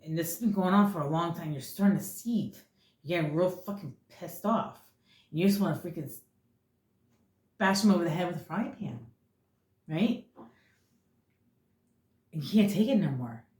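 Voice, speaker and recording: A woman with a lowish voice giving a casual tarot reading. She talks bluntly and swears freely as she rambles from point to point. The room around her is echoey. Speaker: tarot reader.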